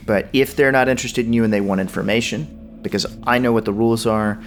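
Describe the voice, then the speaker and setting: A man voicing a calm, reassuring male defense lawyer who coaches his client in a measured, steady way. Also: medium pitch, soft background music, natural voice.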